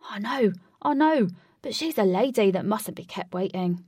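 A woman voicing an eager, excitable young male adventurer in a storybook reading. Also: medium pitch, moderate pace, breathy edge, dry recording, studio quality, distant mic. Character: lovestruck young male adventurer with a fishing rod.

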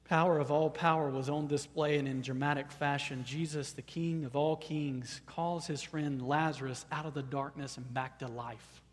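Man preaching a sermon, somewhat high voice, long hall reverb, bursts into loud, high proclamation. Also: fairly even intonation, normal speed, few pauses. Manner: repeats words when starting phrases. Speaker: pastor.

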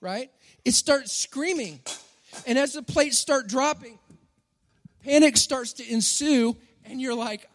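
A pastor in his forties with a notably high voice preaches in a loose, joking, conversational way. He keeps turning to the room with quick "right?" asides. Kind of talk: sermon.

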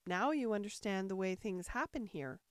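A woman voicing the old, scatterbrained White Queen, who talks in a fussy way and breaks into shrill, squeaky screams. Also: lively intonation, moderate pace, no echo, studio quality, lightly acted. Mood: fussing.

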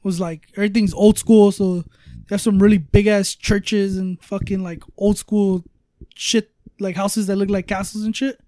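A man's voice: high-pitched, level tone, moderate pace, dark tone, no room sound, studio quality. A man telling a travel story in casual podcast chat, rambling with lots of fillers and swearing. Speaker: storyteller guest.

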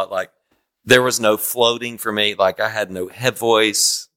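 A man in his fifties, a guest worship singer, telling stories in a rambling way with quick asides during a casual podcast chat. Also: fairly low pitch, fairly even intonation, pushed and bright. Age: 50s. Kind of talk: casual conversation.

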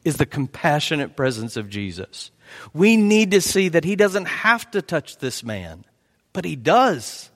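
A man preaches slowly and earnestly, his pitch swinging widely and often sinking to a hush for emphasis. His somewhat high voice carries a long reverb, as in a church sanctuary. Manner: earnest, dropping to a hushed tone for emphasis. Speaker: pastor. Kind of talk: sermon.

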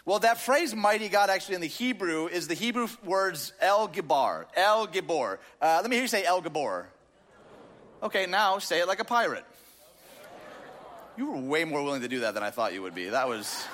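A man's voice: high voice, lively intonation, normal speed, pauses often, a bit bright. A man preaching a sermon in a casual, joking way, with lots of filler words, to a crowd in a large church auditorium. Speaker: pastor. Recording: long reverb of a large hall.

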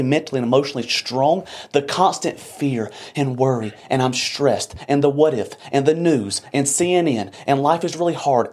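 A man with a husky, slightly breathy voice delivers a fiery motivational rant, blunt and profane. He preaches to the listener in long, driving lists, sounding like a podcast co-host fired up about discipline. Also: mid-range voice, darkish tone.

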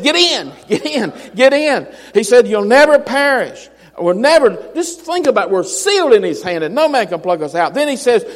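Male preacher, folksy and emphatic, higher register, reverberant sanctuary. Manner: folksy storytelling, rising to emphatic shouts. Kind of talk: sermon.

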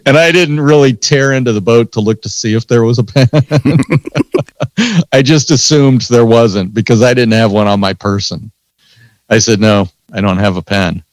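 A man telling stories in a casual chat, animated, acting out both sides of the conversations. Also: medium pitch, unhurried, no room sound. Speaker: podcast host telling stories. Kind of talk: casual storytelling.

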